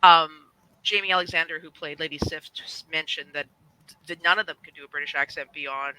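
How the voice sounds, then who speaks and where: Bright-voiced rambling man on a panel. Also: on the high side, steady tone, brisk, clean tone, no echo, low-quality recording. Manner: rambling, digressive, self-interrupting. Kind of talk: casual panel discussion.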